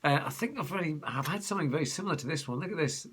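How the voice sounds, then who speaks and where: A man's voice: fairly high pitch, expressive, racing. A man chatting casually to his viewers in a rambling vlog, calling them folks. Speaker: vlogger. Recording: background noise.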